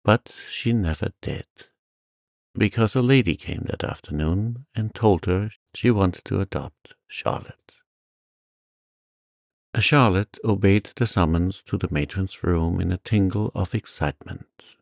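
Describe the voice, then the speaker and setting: Slow gravelly bedtime storyteller man. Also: deep voice, no room sound, studio quality. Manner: soft, soothing. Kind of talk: calm bedtime story narration.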